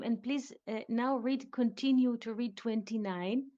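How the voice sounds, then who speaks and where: A woman teaching a live online Bible lesson, speaking deliberately and quizzing her students. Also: a little high, dark tone. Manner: slow, deliberate, questioning students. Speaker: Biblical Hebrew teacher. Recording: dull lo-fi online audio room.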